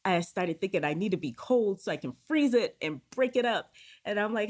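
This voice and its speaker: A woman with a deep, low voice recounts a personal experience as a podcast guest. She talks candidly and swears now and then. She slips into quoted dialogue to act out the inner voices she heard. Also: lively intonation, fairly quick. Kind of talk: personal storytelling.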